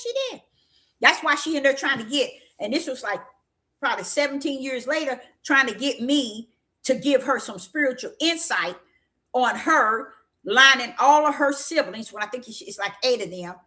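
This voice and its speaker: A middle-aged woman telling a story to viewers in an animated, preachy way. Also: sits high.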